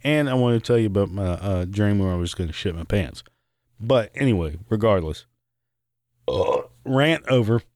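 A man's voice: lowish voice, darkish tone, dry recording, studio quality. A man hosting a podcast, ranting angrily with constant swearing and rambling asides, breaking into short laughs. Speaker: podcast host. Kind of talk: profane rant.

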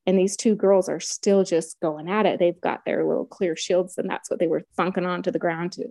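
A woman's voice: fairly low pitch, steady tone, normal speed, warm tone, no room sound, studio quality. A middle-aged woman telling her own story in casual conversation, retelling events vividly and acting out quotes.

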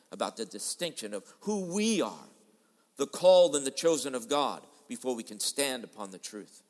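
A man preaching a sermon in a dramatic style, switching between loud and soft as he acts out quoted voices. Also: on the high side, long reverb tail. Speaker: pastor. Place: large church hall.

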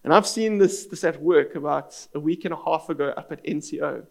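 Gravelly man preaching a sermon. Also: fairly high pitch, fairly quick, a little mellow. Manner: earnest storytelling preaching. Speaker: pastor.

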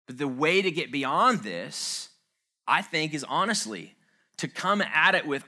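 A man with a fairly high, bright voice gives an informal talk on relationships. He talks earnestly and conversationally, dropping in self-mocking asides. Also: lively intonation, normal speed. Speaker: speaker on relationships.

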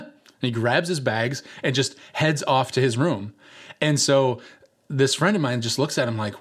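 A young man preaching a sermon, telling a personal story in a relaxed, conversational way with many filler words. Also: mid-range voice, moderate pace. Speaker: pastor.

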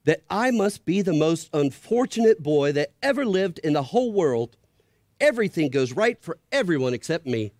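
A man's voice: a little high, sing-song, moderate pace, darkish tone, dry recording, studio quality, pitched above the performer's own voice. A man voicing a frightened young boy who stammers and pleads, reading a storybook aloud. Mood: self-pitying. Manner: stammering, pleading, near screaming.

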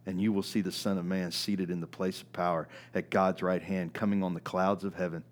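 A man preaching a sermon in a conversational way, often asking "right?", moving between loud, emphatic peaks and quiet, low stretches. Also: little pitch movement, fairly quick. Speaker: pastor.

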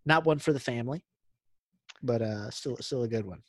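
A man's voice: medium pitch, normal speed, no echo. A young man co-hosting a podcast, chatting casually and eagerly retelling movie scenes, saying "dude" a lot. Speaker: podcast co-host. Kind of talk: casual chat.

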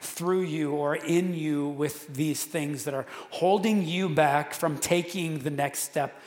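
A man's voice: a little high, steady tone, slow pace, a little mellow. A man preaching a sermon to his congregation in a casual, conversational way, with frequent restarts and fillers. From central Wisconsin. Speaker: pastor. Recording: echoey hall with long reverb.

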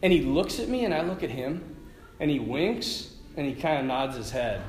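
A male priest, his voice somewhat high and a little fast, tells a story during a retreat talk. He's animated, laughing frequently and imitating what people said, with the sound reverberating around the room.

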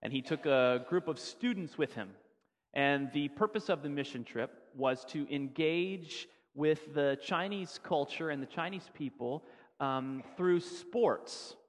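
A fairly high-voiced man preaches from the pulpit, telling his story casually and doubling back on his words. His voice rings out with a long reverb from the church hall around him. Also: unhurried. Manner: conversational, repeats words as he builds the story. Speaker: pastor. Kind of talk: sermon storytelling. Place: church sanctuary.

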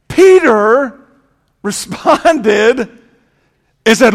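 A male pastor preaching with a very high, gravelly voice that he delivers slowly and deliberately. He swings between loud, rising emphasis and hushed, low stretches. His voice rings through a large hall with long reverb. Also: animated. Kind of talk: sermon. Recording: echoey hall.

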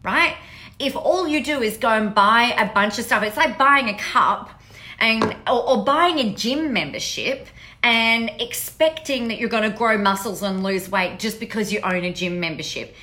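Bright-voiced, blunt, sweary woman. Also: a little high, lively intonation, moderate pace. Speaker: podcast host. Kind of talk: casual monologue.

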